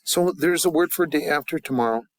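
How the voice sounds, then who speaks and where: A man teaching a language class in a casual way, drilling phrases slowly and chatting loosely between them. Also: on the high side, crowd noise.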